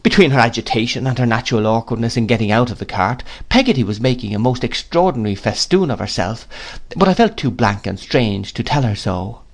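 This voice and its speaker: A man's voice: medium pitch, animated, brisk. Man reading a classic novel aloud. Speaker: narrator. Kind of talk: audiobook reading.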